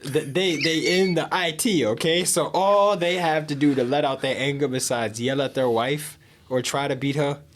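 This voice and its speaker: A man from the United States co-hosting a podcast, joking in animated, profane casual chat. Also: fairly high pitch, normal speed. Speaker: podcast co-host.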